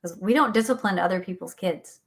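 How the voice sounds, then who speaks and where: This radio host, a middle-aged woman on a faith talk show, has a mid-range voice and speaks a little fast. She's earnest and lively, laughing frequently as she reads out comments from listeners.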